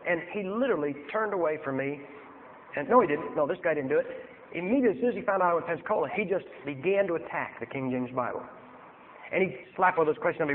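A male preacher telling a story in a sermon, acting out both sides and getting loud and heated. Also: a little high, fast, long pauses, big-room sound, narrow, tinny audio, a little hiss or hum.

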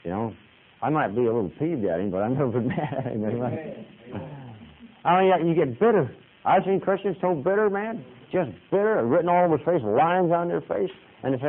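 A man's voice: on the high side, animated, brisk. A man who is a Baptist preacher, giving a folksy, conversational sermon full of stories and punctuated with "amen". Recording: tinny phone-like radio broadcast.

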